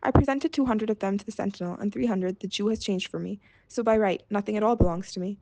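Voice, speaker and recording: A woman voicing a stubborn, grumbling peasant man in a read-aloud fairy tale, blustering and exasperated, with a creaky edge. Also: mid-range voice, quick pace, darkish tone, no room sound, lightly acted.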